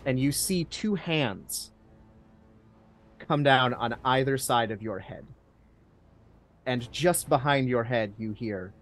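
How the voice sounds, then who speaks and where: A man narrating a tabletop game as game master in a hushed, suspenseful way. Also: medium pitch, slow, pauses often, soft background music.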